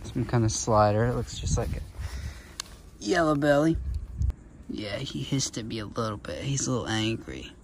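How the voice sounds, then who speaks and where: A young man with a casual, excited manner narrates an outdoor reptile-spotting vlog in a park, often talking softly to the animals. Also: medium pitch, normal speed, long pauses, rough recording. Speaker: reptile vlogger. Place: outdoors in a state park and an alligator farm. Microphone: camera-mounted shotgun mic. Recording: outdoor recording with clear background noise.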